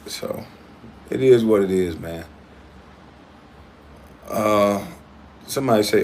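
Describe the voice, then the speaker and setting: A man's voice: medium pitch, big pitch swings, normal speed, long pauses, slight background noise. A man hosting his own livestream, talking in a casual, blunt and profane way as he confronts a critic. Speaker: livestream host.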